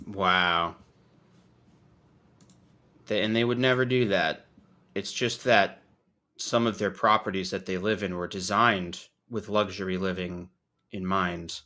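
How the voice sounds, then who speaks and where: A man's voice: low voice, steady tone, takes it slowly, long pauses, pushed and bright. A man hosting a podcast in casual chat, joking and swearing freely while mocking himself. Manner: joking, profane, self-mocking. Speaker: podcast host.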